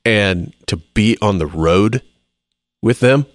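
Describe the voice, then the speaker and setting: A man with a low voice chats in a close, dry room. His talk is easygoing and joking, full of banter with friends. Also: animated, slow, no echo. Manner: joking, puts on funny voices now and then. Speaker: band member chatting on a podcast. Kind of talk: casual chat.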